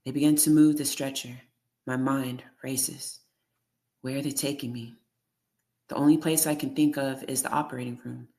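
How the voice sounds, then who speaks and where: Audiobook reader, memoir reading, steady, measured, flat monotone. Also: medium pitch. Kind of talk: first-person memoir reading.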